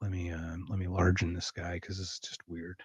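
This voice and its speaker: A man's voice: deep voice, completely flat delivery, a little fast, slightly rough, dry recording. A man hosting a podcast, ranting and joking in casual, profane chat. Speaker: podcast host.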